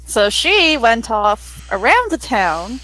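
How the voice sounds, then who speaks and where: A young adult woman plays a tabletop game, recounting her character's antics in a chatty, animated way. Her voice sits slightly higher than most. She talks casually, in loose and rambling sentences. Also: slow, poor audio. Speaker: player.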